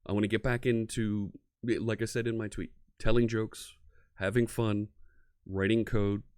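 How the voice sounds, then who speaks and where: A man's voice: lowish voice, flat delivery, a little slow, a little mellow, clear, resonant tone, dry recording, studio quality. A man from near Philadelphia with an American accent, hosting a casual live-coding stream and chatting with viewers. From United States, near Philadelphia. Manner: chatty, greets viewers, laughs easily. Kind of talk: casual livestream chat.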